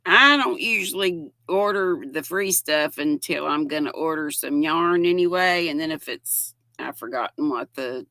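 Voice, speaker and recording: Slow gravelly older Southern woman. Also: low voice, pushed and bright, dry recording. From United States. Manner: slow folksy chatter, greeting viewers by name. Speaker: livestream host. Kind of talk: casual livestream chat reading viewer comments. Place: home.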